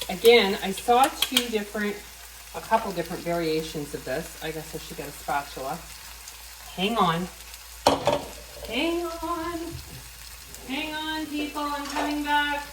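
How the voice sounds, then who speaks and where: A woman chatting casually while cooking in her home kitchen, thinking out loud and poking fun at herself, with a pan sizzling behind her. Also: lowish voice, echoey room, noisy background. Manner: chatty, self-deprecating, thinks aloud. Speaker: vegan cooking vlogger. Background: frying and sizzling from the pan.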